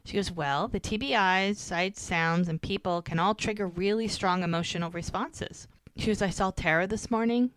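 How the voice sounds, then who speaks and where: A woman's voice: lowish voice, no echo. A woman co-hosting a podcast, casually recapping a TV episode and quoting the characters' lines as she goes.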